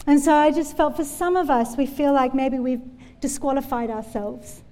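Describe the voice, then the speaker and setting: A woman's voice: sits high, fairly even intonation, moderate pace, mellow. A woman preaching a sermon in a church, telling Bible stories in an earnest, conversational way. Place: church hall. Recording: long hall reverb.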